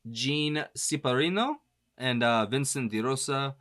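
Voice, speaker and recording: A man hosting a reaction video chats in an easygoing, rambling way, dropping fillers and quick laughs. His voice sits at a middling pitch with a bright, pushed tone. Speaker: music reaction host. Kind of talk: casual reaction commentary.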